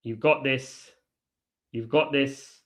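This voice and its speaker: A man hosting a live football watchalong, chatty, reacting to play and giving shout-outs to viewers. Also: mid-range voice, steady tone, slow pace. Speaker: watchalong host.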